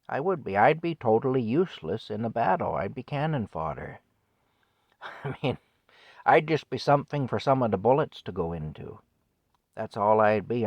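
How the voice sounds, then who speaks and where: A man in his fifties with a low voice delivers an indignant solo rant on his vlog. His talk is scornful, broken by wry chuckles. The sound is close and dry. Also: no room sound, muffled recording. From Canada. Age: 50s. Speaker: vlogger. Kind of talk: solo opinion rant to camera.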